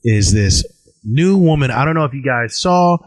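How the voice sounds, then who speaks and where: A man's voice: medium pitch, moderate pace, no echo. Guy cohosting a podcast, joking around, voice jumps all over, dry sound. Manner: animated, joking banter. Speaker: podcast co-host. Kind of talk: casual chat.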